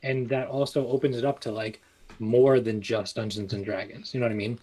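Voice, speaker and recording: A man's voice: mid-range voice, brisk, poor audio. A man, a guest chatting casually about his small clothing business with lots of fillers. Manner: relaxed, rambling with many fillers and restarts. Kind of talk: casual interview chat.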